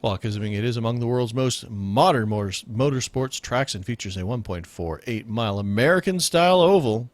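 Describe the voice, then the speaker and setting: A man's voice: medium pitch, animated, a little fast, few pauses, no room sound. A man hosting a casual radio show, joking and laughing often with rambling asides. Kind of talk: casual comedic podcast chat.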